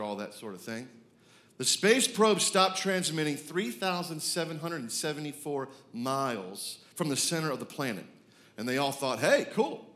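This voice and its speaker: A man, preaching a sermon, moving from hushed reflection to loud, excited declarations. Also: mid-range voice. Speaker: pastor.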